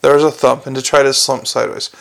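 A man narrating an audiobook, with measured storytelling and small slips. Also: mid-range voice, level tone, gravelly, fairly bright tone.

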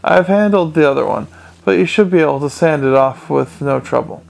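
An earnest, courteous young watch captain from a storybook, as a man reads him. He speaks patiently and mildly, with a gravelly edge to a fairly high voice. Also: a little fast, a little mellow, low-quality recording.

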